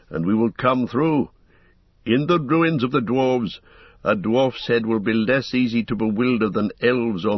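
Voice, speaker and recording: A man with a husky voice reading the part of a grave, commanding old wizard in an audiobook, speaking in a stern, measured way. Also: fairly low pitch, no room sound. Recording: dull lo-fi recording.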